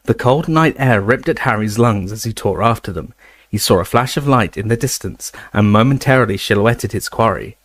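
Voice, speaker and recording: Low-voiced man narrating an audiobook. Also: moderate pace, dry recording. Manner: expressive, raising his voice for shouted lines. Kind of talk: dramatic audiobook reading.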